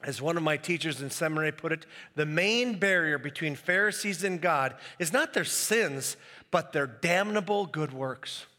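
Bright-voiced male preacher in a hall. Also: on the high side, normal speed. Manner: animated, acts out quoted voices. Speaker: pastor. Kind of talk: sermon.

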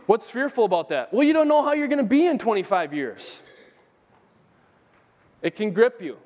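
Man, pastor, earnest emphatic sermon, high voice, long church reverb. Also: sing-song, normal speed, a little mellow. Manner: earnest, emphatic preaching with repeated phrases. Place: church sanctuary.

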